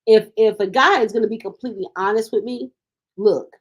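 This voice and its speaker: A woman's voice: medium pitch, brisk. A woman co-hosting a casual panel talk show, making her points emphatically and cutting in with "wait, wait".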